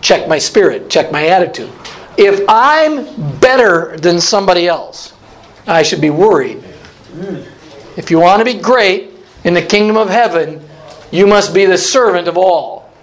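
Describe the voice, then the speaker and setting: A man's voice: sits high, lively intonation, measured pace, low-quality recording. A man teaching a Bible study as a pastor, asking his listeners questions and repeating key phrases. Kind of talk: interactive sermon.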